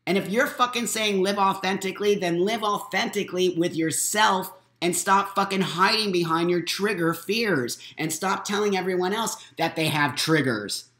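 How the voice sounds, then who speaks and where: A man's voice: high-pitched, normal speed, hardly any pauses, pushed and bright. A middle-aged man hosting a live morning talk stream from his home, boisterous, blunt and profane, repeating his points for force. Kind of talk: unscripted live monologue. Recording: roomy echo.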